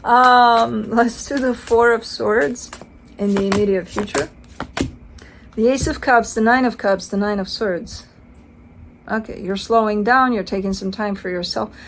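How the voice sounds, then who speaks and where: A woman's voice: on the high side, fairly even intonation, unhurried, background noise. A woman giving a casual tarot card reading, chatty and playful, swearing casually and acting out the listener's side. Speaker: tarot reader.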